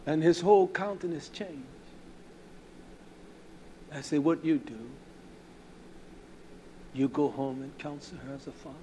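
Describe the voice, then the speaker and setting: A man's voice: on the high side, a little slow, long pauses. Blunt, scolding preacher man, faint hiss. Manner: blunt, scolding, swings from hushed to loud and emphatic. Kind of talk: sermon.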